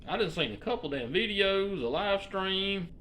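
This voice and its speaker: Lively, bright-voiced Alabama man in his forties. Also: high-pitched, moderate pace, a little hiss or hum. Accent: Alabama Southern US. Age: 40s. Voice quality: rambling, profane, drawling. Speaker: vlogger. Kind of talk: casual rant to viewers.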